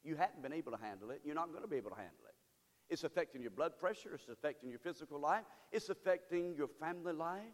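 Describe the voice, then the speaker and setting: Animated preacher with church reverb. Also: male voice, on the high side, quick pace. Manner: animated preaching, swinging from loud cries to hushed pleading. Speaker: pastor. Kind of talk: sermon. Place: church sanctuary.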